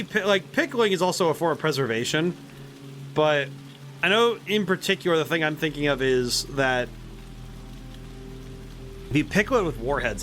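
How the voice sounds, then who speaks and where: A man streaming a story game, giving casual commentary and musing aloud in a rambling way. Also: on the high side. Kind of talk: casual let's-play commentary.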